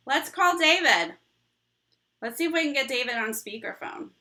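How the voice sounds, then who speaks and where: A woman's voice: high voice, animated, measured pace, sharp tone. A young woman hosting a casual live chat with her viewers, bubbly and rambling, laughing often. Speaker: livestream host.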